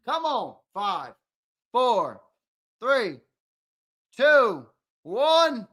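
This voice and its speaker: A young man hosting a live-stream giveaway, chatting and teasing viewers in casual banter, with loud hyped countdowns between low mumbled asides. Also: expressive, a little slow, pauses often. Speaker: show host running a live-stream giveaway.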